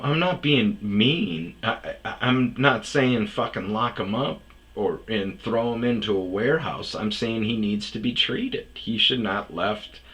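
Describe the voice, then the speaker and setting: Profane man telling a rambling story. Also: lowish voice. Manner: profane, animated, mimics others in raised voice. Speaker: storyteller host. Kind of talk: casual monologue storytelling.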